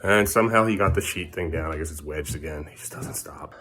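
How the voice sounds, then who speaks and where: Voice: extremely low pitch, fairly quick, fairly bright tone, a little hiss or hum. A parent filming a casual home vlog indoors, speaking firmly but patiently to two young children and venting to the camera in between. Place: indoors at home, bathroom area.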